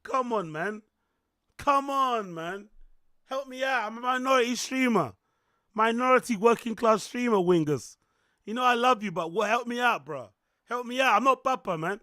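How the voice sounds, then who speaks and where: A male streamer host, chatting casually and playfully with his stream chat. His voice is hoarse and rough, like a smoker's. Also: very high-pitched, expressive, normal speed, dry recording, clean studio sound. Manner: loud playful banter with chat.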